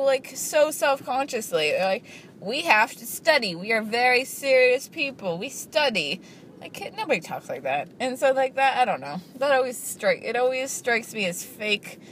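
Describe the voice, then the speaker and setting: A woman chatting casually to camera, talking in quick bursts and restarting her sentences. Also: high-pitched, a little hiss or hum. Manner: chatty, peppered with "like", frequent restarts. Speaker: vlogger. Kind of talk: casual chat.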